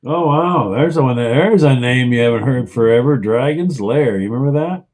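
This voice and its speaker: Man, co-host, profane casual banter, acts out quotes in mock voices, mid-pitched. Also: moderate pace, darkish tone. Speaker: co-host of a beer review show.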